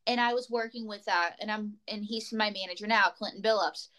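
A woman's voice: mid-range voice, fairly even intonation, fairly quick, bright, forceful tone, low-quality recording. A woman comedian telling rambling, tangent-filled stories as a guest in a casual chat. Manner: rambling, tangent-prone storytelling.

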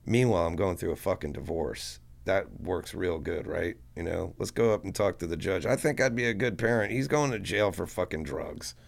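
A man with a very deep voice that drops into a gravelly fry, speaking as a podcast guest. He spins a rambling anecdote in loose, casual talk laced with swearing. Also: lively intonation, moderate pace, hardly any pauses. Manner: profane, rambling anecdote-telling. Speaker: guest musician. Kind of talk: casual storytelling interview.

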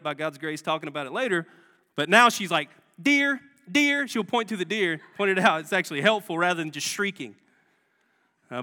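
A man's voice: high voice, pushed and bright. A man preaching a sermon as guest pastor, talking conversationally and asking the congregation rhetorical questions. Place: church sanctuary. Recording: long church hall reverb.

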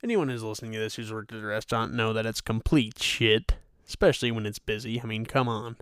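A man's voice: fairly low pitch, fairly even intonation, fast talker, a bit bright, smooth, no room sound, clean studio sound. A young man hosting his own podcast, ranting sarcastically about restaurant work and cursing freely. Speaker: podcast host. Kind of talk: profane ranting monologue.

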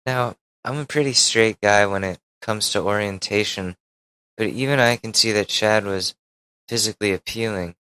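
A man's voice: on the low side, pushed and bright, clear, resonant tone, rough recording. A man, a podcast host, reading a Reddit post aloud and breaking in with wry asides and casual swearing.

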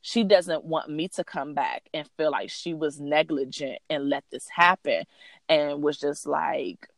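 A woman in her thirties co-hosting a podcast, telling a long story in an animated, profane way with plenty of fillers. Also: sits low, measured pace, no echo, studio quality. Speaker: podcast co-host. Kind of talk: casual storytelling chat.

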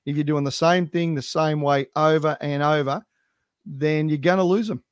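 A man's voice: a little high, steady tone, moderate pace, clear, resonant tone, no room sound. A man co-hosting a coaching podcast in casual chat, speaking emphatically and repeating his points for stress. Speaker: swim coach, podcast co-host.

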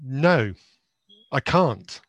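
A man's voice: mid-range voice, expressive, extremely slow, dry recording, lo-fi sound. A man appearing as a guest on a casual podcast, answering with dry, wry humor.

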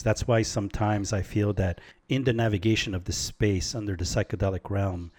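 A man telling a story in casual podcast chat, animated and laid-back, often saying "man" and "like". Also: on the low side.

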